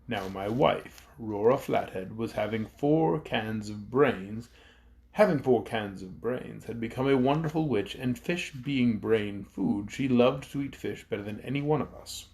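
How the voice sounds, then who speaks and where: A man's voice: lowish voice, gravelly, darkish tone. A man reading an audiobook, voicing a boastful male mountain ruler and sorcerer who tells his grievances with smug self-regard. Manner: self-satisfied, grumbling storytelling. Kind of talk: audiobook character voice.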